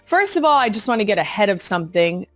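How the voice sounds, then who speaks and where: A woman's voice: mid-range voice, very animated, fast talker, no echo. A woman in her thirties hosting her own podcast, talking casually in a blunt, sassy way and swearing freely. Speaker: podcast host. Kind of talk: casual monologue.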